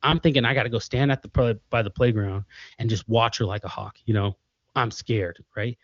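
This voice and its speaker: A man's voice: mid-range voice, brisk, dry recording. A man in his thirties, a father and podcast guest, telling stories in casual conversation and acting out the people he quotes. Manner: animated storytelling, acts out quoted voices. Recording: muffled lo-fi call audio.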